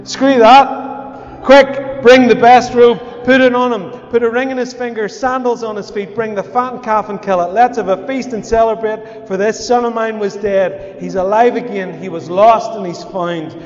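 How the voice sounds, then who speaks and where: A man's voice: high-pitched, steady tone, moderate pace, long reverb tail, dull audio, voice pushed up, close to an everyday voice. A man voicing an overjoyed father who orders a feast for his returned son, in a sermon retelling. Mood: jubilant. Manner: exuberant, urgent commands.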